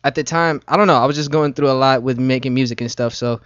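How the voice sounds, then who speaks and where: A man's voice: medium pitch, fast, fairly bright tone, dry recording. A young man, a guest musician, chatting casually on a radio talk show, laid-back with trailing fillers. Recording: dull lo-fi radio stream.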